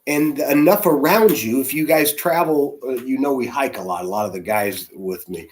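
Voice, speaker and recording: A man, a church's senior spiritual leader, preaching in a conversational, animated storytelling way with soft asides. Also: mid-range voice, normal speed. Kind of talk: storytelling sermon.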